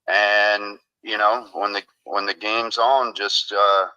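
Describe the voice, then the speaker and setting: A man's voice: on the low side, level tone, slow pace, bright, forceful tone, smooth, highs cut off. A man, a baseball manager, speaking as a guest in a phone interview on the radio in a laid-back, plain-spoken way.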